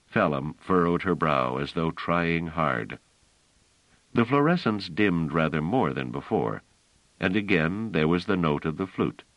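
Deep-voiced man narrating an audiobook. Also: no echo, lo-fi sound. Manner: measured, expressive storytelling.

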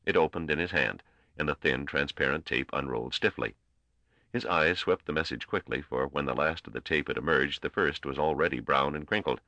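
Very deep-voiced male narrator. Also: fairly quick, pushed and bright, no echo. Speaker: audiobook narrator. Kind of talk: scripted narration.

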